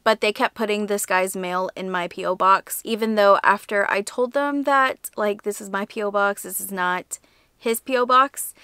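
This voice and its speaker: A woman's voice: medium pitch, pushed and bright, clean tone, dry recording. A young woman vlogging casually about her crochet work and mail from fans, chatty and gushing, with lots of fillers and a teary edge. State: teary, emotional. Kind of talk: casual vlog chat.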